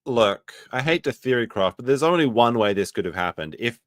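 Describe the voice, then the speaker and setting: A man hosting a commentary stream, reacting sarcastically to a clip, jumping between loud outbursts and muttered asides. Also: mid-range voice, lively intonation, a little fast, dry recording, clean studio sound.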